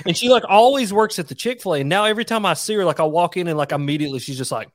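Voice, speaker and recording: A man, a former elementary school teacher, telling animated folksy stories in a casual podcast chat. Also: sits high, very fast, no echo, clean studio sound.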